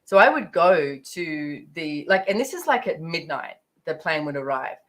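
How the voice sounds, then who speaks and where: Low-voiced woman telling a rambling story. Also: animated, normal speed, fairly bright tone, poor audio. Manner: chatty, rambling, full of fillers. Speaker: speaker sharing her money journey. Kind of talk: casual storytelling talk.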